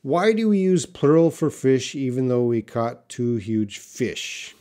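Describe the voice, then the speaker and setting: Man, English teacher, live stream Q&A, mellow dark voice, middle pitch, relaxed, many fillers. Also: unhurried. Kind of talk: live Q&A lesson, reading chat comments.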